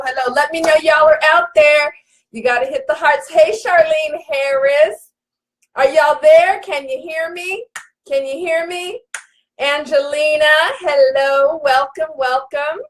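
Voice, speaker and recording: A woman with a high voice hosts a livestream and talks in a slow, unhurried way. She is effusive and welcoming, greets her viewers one by one and repeats her words warmly. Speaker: host of a live online broadcast. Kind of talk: live-stream talk to viewers.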